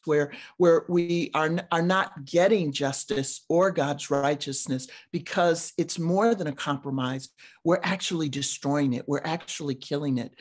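A woman, a professor, discussing scripture over a video call in a halting, deliberate way, with frequent pauses and restarts. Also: low voice. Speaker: seminary professor. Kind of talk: conversational theology discussion.

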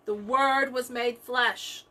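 A woman's voice: on the high side, fairly even intonation, slow pace, pushed and bright. A woman leading a Bible study, teaching with emphatic repetition of key phrases.

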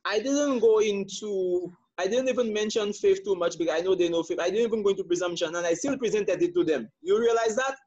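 High-voiced man leading a call training. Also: a little fast, hardly any pauses, a little mellow, highs cut off. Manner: asks questions and affirms with frequent mm-hmms. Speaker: prophet leading a church training course. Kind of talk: training session over a call.

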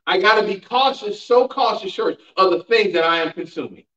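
A man's voice: high voice, a little fast, fairly bright tone. A man pastor teaching a Bible class, preaching emphatically with call-and-response and rhetorical questions to the congregation. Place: church sanctuary. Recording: roomy, dull sound from a distant mic.

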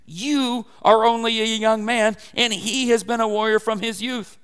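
A man's voice: high voice, steady tone, measured pace, a bit bright, smooth, voice pushed up. A man reading the part of a cautious king, firm and emphatic. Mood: doubtful.

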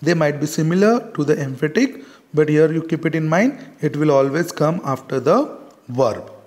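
A man's voice: fairly high pitch, expressive, darkish tone. A man teaching a grammar lesson, stressing example words and checking in with "correct?" again and again. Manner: repeats "correct?" and "got it?" often, stresses example words slowly.

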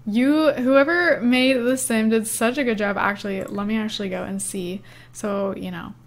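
A young woman with a fairly high voice chats through a let's-play of a simulation game. She is casual and giggly, filling her talk with "um" and "like". She comments easily on each move as she plays. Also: fairly even intonation, moderate pace. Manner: chatty and giggly, with frequent "um" and "like". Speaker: gaming YouTuber.

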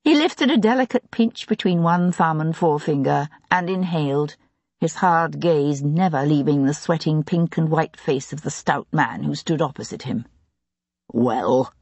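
A woman narrating an audiobook in a measured, expressive way. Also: sits low, breathy edge, no echo. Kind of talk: scripted narration of a historical mystery.

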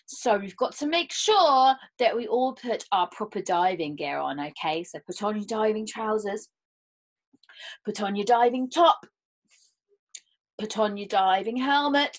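A woman with a mid-range voice tells a story to children, guiding them through playful movement games. She fills it with lively exclamations and gasps.

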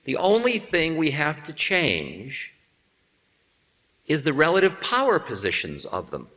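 A man delivers a spiritual talk with a bright, ringing tone and a pitch that moves freely up and down. He is playful and self-mocking, and he acts out small scenes as he goes. His voice carries a long hall reverb. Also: wildly swooping pitch, unhurried, lo-fi sound. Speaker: spiritual teacher.

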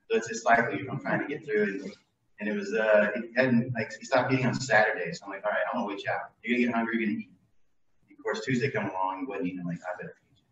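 A man's voice: on the low side, a little hiss or hum. A middle-aged man giving an informal devotional talk before communion, rambling and conversational with many fillers and restarts. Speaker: lay speaker leading communion. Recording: distant, muffled mic in an echoey room.

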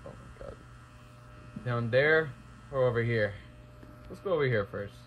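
A man's voice: medium pitch, animated, unhurried, narrow, tinny audio, slight background noise. A young man commentating a horror game let's play, talking to himself and exclaiming at scares. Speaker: gaming YouTuber.

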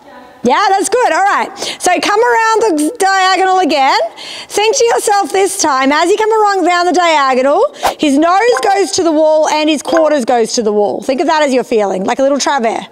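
A woman's voice: very high-pitched, animated, normal speed. A woman instructing a rider in a riding arena, encouraging and often checking that she understands. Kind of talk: live coaching of a rider.

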